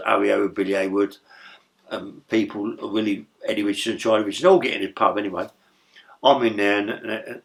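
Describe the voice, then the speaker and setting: A man's voice: lowish voice, fairly bright tone. Rambling, profane older man. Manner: rambling, profane, tag questions like "yeah?". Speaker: interview guest. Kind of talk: storytelling in a casual interview.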